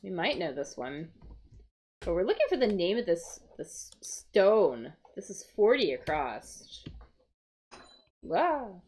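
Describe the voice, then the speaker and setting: A woman's voice: lowish voice, sing-song, darkish tone, husky. A woman teaching English vocabulary on a live stream, thinking aloud as she works through crossword clues. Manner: slow, explaining, thinking aloud.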